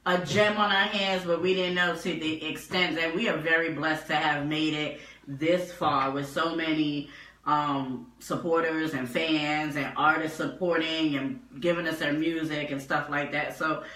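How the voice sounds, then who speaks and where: A woman's voice: low voice, steady tone, a little slow, fairly bright tone, echoey room, distant mic, rough recording. A woman co-hosting a music talk show, sassy and blunt, laughing often. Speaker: co-host. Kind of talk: casual banter.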